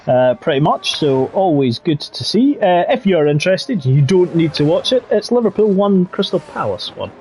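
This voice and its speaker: Yorkshire guy calling an online race, jokey banter, fairly high voice, faint hum behind. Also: very animated, normal speed, hardly any pauses, darkish tone. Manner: chatty and jokey, drifting into banter. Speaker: league race commentator. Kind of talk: casual live commentary.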